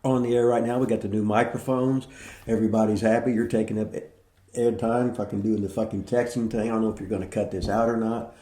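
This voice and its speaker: A man's voice: fairly low pitch, quick pace, echoey room. Older man rambling through profane stories. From Indiana, United States. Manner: rambling, heavy swearing, animated when telling stories. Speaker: podcast host, retired wrestler. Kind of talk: casual profane storytelling.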